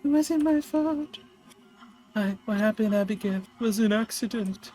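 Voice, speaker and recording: A man's voice: sits high, expressive, measured pace, warm tone, soft background music, voice pushed up. A man voicing a guilt-ridden male detective from a game, speaking in a pained, hesitant way. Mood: guilty pained.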